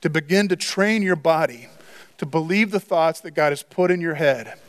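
High-voiced man preaching a sermon. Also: moderate pace. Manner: earnest, repetitive phrasing with restarts. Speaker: pastor. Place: church.

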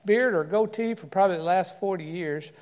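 A man's voice: high voice, brisk, darkish tone. An older man giving a sermon as a guest pastor, folksy and self-deprecating, telling a humorous story before turning to scripture. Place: church sanctuary. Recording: long church reverb.

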